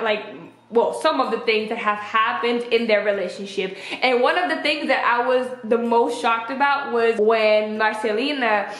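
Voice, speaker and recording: A young adult woman chatting casually as a vlogger, animated and expressive as she retells things. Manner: chatty and animated, acts out quotes with pitch jumps. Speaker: vlogger reviewing a film. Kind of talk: casual chat. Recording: echoey room.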